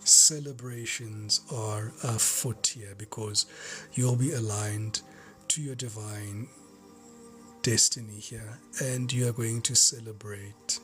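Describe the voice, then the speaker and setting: A man giving a collective tarot reading, fervent and repetitive, often dropping into hushed whispers. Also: lowish voice, steady tone, takes it slowly, soft background music. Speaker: tarot reader.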